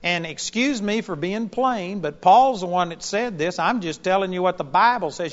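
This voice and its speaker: A man's voice: high-pitched, moderate pace, hardly any pauses. Emphatic preacher man, dull lo-fi sound. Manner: emphatic, swings between loud declarations and quiet asides. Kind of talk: sermon. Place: auditorium.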